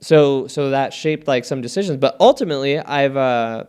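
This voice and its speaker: A man's voice: medium pitch, lively intonation, moderate pace, a little mellow, clean tone. A man co-hosting a casual podcast chat, talking candidly and profanely in a rambling storytelling way.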